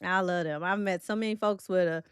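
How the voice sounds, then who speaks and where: A woman's voice: on the low side, steady tone, fairly quick, clean tone, no room sound. Chatty Midwestern woman host, dry sound. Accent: Midwestern country. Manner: chatty and playful, reacting to viewer comments with frequent laughs. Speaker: livestream host. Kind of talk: casual livestream chat.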